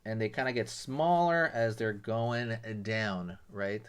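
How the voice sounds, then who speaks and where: A man's voice: fairly low pitch, slow pace, clean tone. A man hosting a drawing lesson, talking casually and explaining each step with lots of "you know" and "right". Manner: relaxed, chatty, many fillers like "you know" and "right". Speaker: drawing tutorial host.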